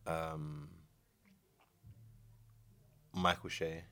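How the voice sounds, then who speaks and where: Deep-voiced young man, laid-back. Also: level tone, drawn-out words, bright, forceful tone. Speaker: podcast guest. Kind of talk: casual chat.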